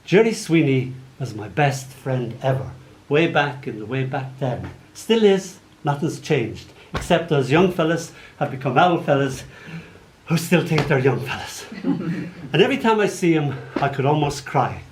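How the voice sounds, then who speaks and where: Speaking a little slowly in a slightly high voice, a man in his sixties with an Irish accent fills the gaps between poems with playful stories and animated comic asides. This live poetry reading takes place before an audience in an arts venue hall, with a roomy sound and faint background noise.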